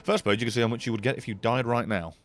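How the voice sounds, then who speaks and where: A man streaming a video game, chatting and swearing excitedly, swinging from low mutters to sudden yelps. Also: rapid-fire, a little hiss or hum. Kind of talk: casual gameplay commentary.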